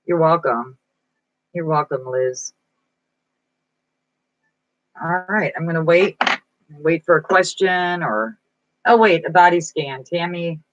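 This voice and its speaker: A woman with a low voice speaks at a measured pace on a dry recording with the highs cut off. She's a psychic reader live-streaming from a room at home, casually reading viewers' comments aloud and answering them while sounding weak and foggy-minded.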